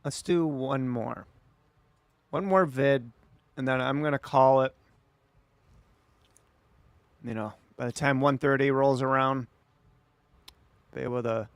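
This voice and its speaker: A male streamer talks in an unhurried, easygoing drawl, at a middle pitch for a man. He rambles and answers his viewers as he goes. The sound is dry and close, with little room echo. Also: fairly even intonation, gravelly. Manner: laid-back, rambling, chats back to viewers. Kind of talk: casual late-night livestream chat.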